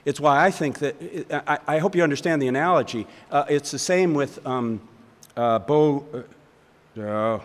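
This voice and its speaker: A man's voice: on the high side, moderate pace, long reverb tail. An older man teaching a seminar, talking in a thoughtful, rambling way with restarts and chuckles. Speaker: seminary professor. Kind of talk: lecture with audience questions. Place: lecture hall.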